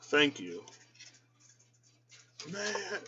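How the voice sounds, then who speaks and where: A man chatting casually in a vlog as a tarot reader, openly emotional and choked up, breaking into high squealed quotes of his own reactions. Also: very animated, extremely slow, muffled recording.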